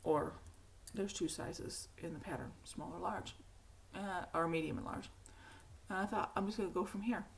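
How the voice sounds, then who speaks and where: A middle-aged woman with a hoarse, cracky voice, hosting a knitting podcast in a rambling, casual chat with frequent laughs. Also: on the low side, normal speed, a little hiss or hum. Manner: chatty, rambling, laughs often. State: hoarse, frog in throat.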